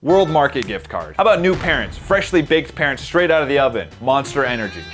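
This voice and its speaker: A young man hosting a comedic video, ranting in mock anger and swearing, swinging between loud outbursts and quiet muttered asides. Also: medium pitch, sing-song, brisk, faint music behind.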